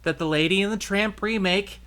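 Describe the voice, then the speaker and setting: A man's voice: high voice, brisk, pushed and bright, clean tone. A man hosting a podcast, talking casually and rambling with fillers and restarts. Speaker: podcast host. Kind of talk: casual chat.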